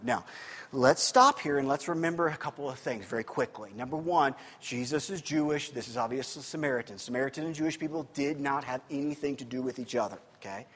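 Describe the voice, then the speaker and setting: A man's voice: medium pitch, fairly quick, breathy edge, long reverb tail. A male preacher giving a sermon in a conversational style, often checking in with listeners. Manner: animated, conversational, keeps asking "okay?".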